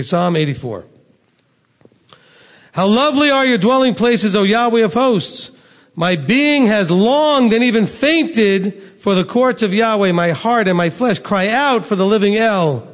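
A man's voice: high voice, animated, unhurried, in a large hall. A man preaching a sermon to a live congregation, reading scripture aloud and pressing his listeners with direct questions. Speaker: pastor.

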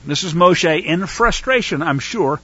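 Animated, bright-voiced man teaching scripture. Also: a little high, unhurried, husky, highs cut off. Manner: animated, acts out whining voices. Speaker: Torah teacher. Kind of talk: casual Bible study teaching.

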